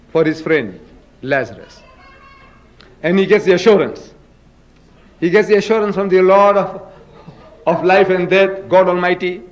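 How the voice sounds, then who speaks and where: The recording is muffled, and the man's pitch runs fairly high. Debating religion in public, he lectures with emphasis and drama, hurling rhetorical questions at his audience and acting out scriptural quotes.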